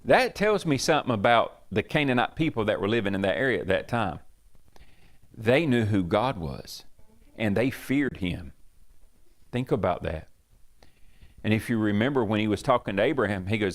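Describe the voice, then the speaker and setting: Male pastor, casual Bible-study teacher, animated pitch, conversational and digressive. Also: moderate pace. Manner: chatty, digressive, acts out quoted speech. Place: church.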